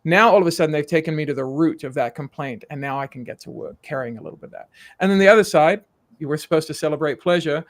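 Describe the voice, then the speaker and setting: A man who works as a curiosity coach, a guest on a sales podcast, talking in a lively way and acting out short exchanges. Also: a little high, quick pace. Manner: animated, acts out little dialogues. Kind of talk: conversational podcast coaching talk.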